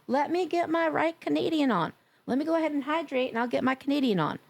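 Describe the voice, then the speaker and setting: A woman's voice: sits high, quick pace, vocal fry. A woman from New York chatting casually and teasingly with her viewers while live-streaming a game, laughing often.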